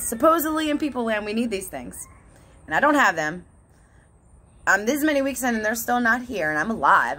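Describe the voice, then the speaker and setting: A woman's voice: mid-range voice, a bit bright. A woman talking in a casual, candid vlog monologue, swearing often and laughing between thoughts. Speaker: vlogger.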